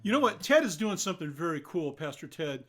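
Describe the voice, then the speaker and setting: A man's voice: fairly high pitch, very animated, fast talker. Chatty older man over guitar. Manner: chatty, greeting viewers by name, warm asides. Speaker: singer-songwriter hosting a live stream concert. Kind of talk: casual chat between songs.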